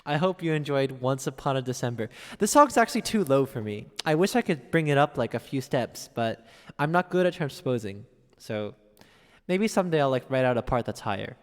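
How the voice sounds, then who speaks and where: A man's voice: mid-range voice, lively intonation, brisk, in a large hall. A man streaming at the piano, chatting casually and reading viewers' messages aloud. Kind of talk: casual chat.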